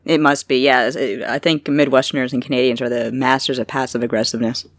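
A woman co-hosting a gaming podcast, relaxed, informative and matter-of-fact as she gives her review. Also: a bass voice, quick pace, no room sound, clean studio sound. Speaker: podcast co-host, game reviewer. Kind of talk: casual podcast chat.

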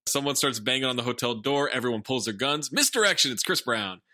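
A man's voice: mid-range voice, expressive, fairly quick, bright, forceful tone, no room sound. A man co-hosting a casual talk show, summarizing a film's plot with dry asides. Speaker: podcast co-host recapping a film. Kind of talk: casual chat, recapping plot.

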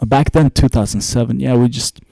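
A man's voice: mid-range voice, fairly quick, creaky, dark tone, no echo. A man, a musician guest, telling rambling anecdotes in a casual interview chat.

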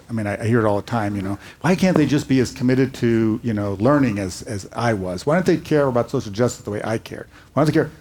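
Earnest older rabbi telling stories. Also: male voice, medium pitch, slightly rough. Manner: earnest storytelling, animated quotes. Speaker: rabbi, panel speaker. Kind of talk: live panel conversation. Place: hall before a live audience.

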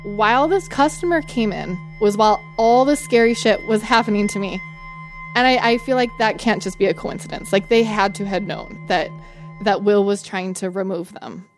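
A woman telling a personal story in a lively, conversational way, often saying "like" and acting out what people said. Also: mid-range voice, moderate pace. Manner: animated, frequent "like", acts out quoted dialogue. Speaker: guest storyteller. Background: faint music score.

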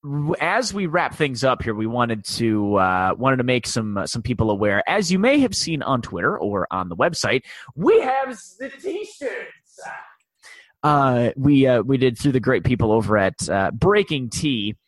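A man's voice: medium pitch, big pitch swings, normal speed, few pauses, no echo. A man in his forties hosting a casual sports podcast, rambling with many fillers and restarts. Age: 40s. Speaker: podcast host.

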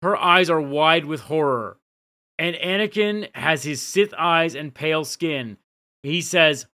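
A man's voice: fairly high pitch, takes it slowly, pushed and bright. A man co-hosting a podcast, casually recapping scenes and dropping the odd swear. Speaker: podcast co-host.

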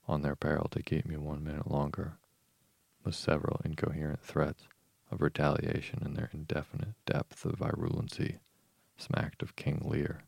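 Sleep podcast reader: very low, husky, monotone narration. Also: male voice, no room sound. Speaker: podcast host reading a novel. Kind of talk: calm bedtime reading of a novel.

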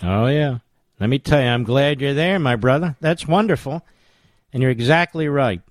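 A middle-aged man hosting a talk radio show, combative and emphatic, jumping up into sudden high exclamations. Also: normal speed, slight background noise.

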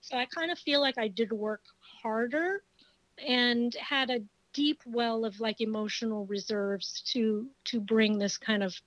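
A woman actress speaking as a guest, frank and lively, with quick asides. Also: fairly high pitch, dry recording, rough recording. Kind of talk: casual interview.

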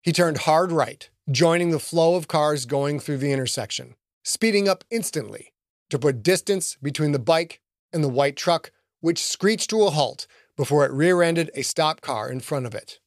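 Expressive male audiobook narrator. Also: a little high, normal speed, dry recording, clean studio sound.

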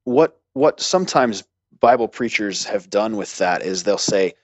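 Very low-voiced man explaining at ease. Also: animated, unhurried, no echo, highs cut off. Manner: thoughtful, hedging, with dry jokes. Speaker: guest, seminary graduate. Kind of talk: casual conversational explanation.

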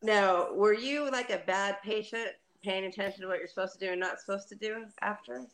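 A woman's voice: mid-range voice, steady tone, fairly quick, a crowd in the background. A woman calling in to a podcast, chatty and friendly as she asks her questions. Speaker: caller.

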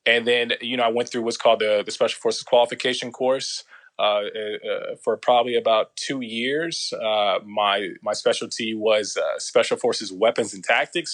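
A man telling a long story in a casual interview, slangy and profane, with loose rambling restarts and quick impressions of other people. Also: fairly low pitch, fairly bright tone. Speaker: guest.

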